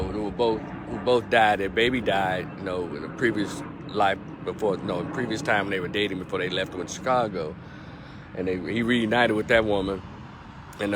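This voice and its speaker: Background noise accompanies a middle-aged man with a lowish voice as he vlogs casually about movies. He retells scenes animatedly and ramblingly, swearing plenty along the way.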